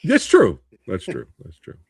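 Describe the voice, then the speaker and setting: Man, podcast host, casual movie chat, playful, bouncy pitch, dry recording. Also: wildly swooping pitch, measured pace, slightly rough, no room sound. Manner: upbeat, laughing, playful.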